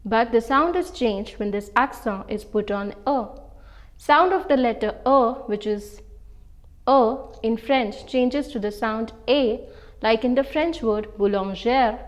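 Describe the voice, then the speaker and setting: A woman, giving an online French lesson and slowly and carefully modelling each pronunciation example. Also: on the high side. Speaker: French teacher.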